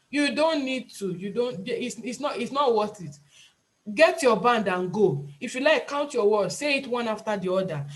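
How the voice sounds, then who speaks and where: A Nigerian woman tutoring a class over a video call, talking in an emphatic, pleading way and often repeating herself. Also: medium pitch. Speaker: IELTS tutor and nurse. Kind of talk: online class lecture.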